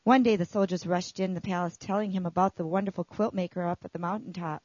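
A woman reads a children's story aloud with an expressive storytelling manner and a voice in a middle register. The recording is dry with no room echo, and the sound is muffled and lo-fi. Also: fairly low pitch, fast, hardly any pauses.

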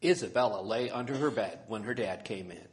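A man reading a children's story aloud in an expressive storytelling manner. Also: fairly low pitch, a little fast.

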